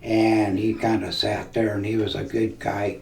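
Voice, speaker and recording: This is an elderly veteran from Nebraska, in his seventies, spinning unhurried folksy tales for an oral history interview. He has a lowish, gravelly voice with little pitch movement, captured by a distant mic in a roomy room with a faint hiss.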